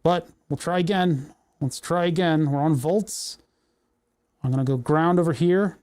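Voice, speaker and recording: Young guy on a livestream fixing a circuit, kinda high voice but mellow, mutters and cusses when stuff breaks. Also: measured pace. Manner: muttering, troubleshooting aloud, swearing in frustration. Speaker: livestream host. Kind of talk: casual livestream electronics tinkering.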